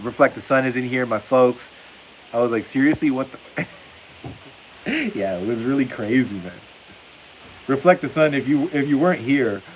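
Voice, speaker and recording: A male livestream host chats casually during a football stream, reading viewer comments aloud and laughing often. His voice is mid-range, and the rough recording carries a faint hiss.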